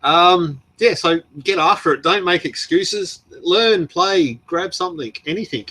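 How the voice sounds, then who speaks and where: A man's voice: sits high, unhurried, sharp tone. A man with an Australian accent, hosting a casual livestream, rambling and laughing as he answers viewers. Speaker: livestream host. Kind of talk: casual livestream chat reading comments.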